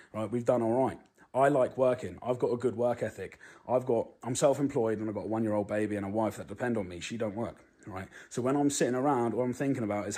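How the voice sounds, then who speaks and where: A man's voice: medium pitch, a little mellow, breathy edge. A British man in his thirties giving a blunt, swear-filled monologue to camera. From Britain. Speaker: vlogger.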